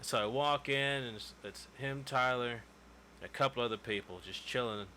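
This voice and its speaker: A man's voice: medium pitch, normal speed, bright, forceful tone, slight background noise. A man in his twenties casually telling a long story on a podcast, loose and profane, acting out what people said. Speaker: podcast co-host.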